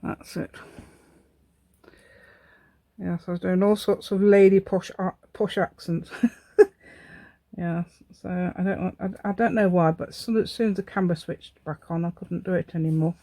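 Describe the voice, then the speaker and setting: A woman's voice: on the low side, steady tone, normal speed, long pauses, mellow, dry recording. Chatty woman, dry close sound. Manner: chatty, rambling, self-deprecating with frequent laughs. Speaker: crafting channel host. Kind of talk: casual craft tutorial chat.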